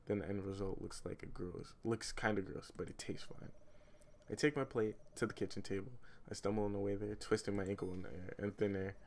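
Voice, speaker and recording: Low-voiced streamer dude reading a game out loud, keeps cracking jokes at himself. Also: male voice, vocal fry, slight background noise. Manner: rambling, laughing, self-mocking interruptions. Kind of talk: reading a story game aloud with joking asides.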